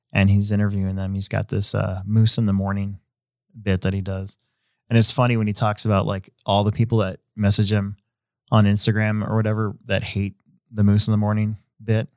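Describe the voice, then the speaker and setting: Low-voiced man, rambling podcast host. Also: brisk, no echo, studio quality. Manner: rambling, relaxed, many fillers and restarts. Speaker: hobby shop owner. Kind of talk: casual podcast chat.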